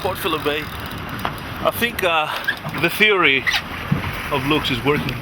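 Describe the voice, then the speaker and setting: A man's voice: on the high side, lively intonation, a little slow. A man with an Australian accent explaining casually while fishing on a boat. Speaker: fishing companion. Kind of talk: casual commentary. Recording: loud outdoor wind and boat noise.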